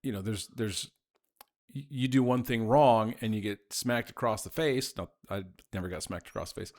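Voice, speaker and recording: A man in his forties co-hosting a casual chat, thoughtful and measured, with frequent "you know"s. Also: on the low side. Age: 40s. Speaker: podcast co-host.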